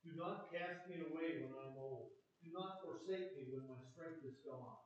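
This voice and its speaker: Man, scripture reading, steady measured pace, distant from the mic, very echoey, dull sound. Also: a little high. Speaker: scripture reader. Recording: echoey, muffled, far from the mic.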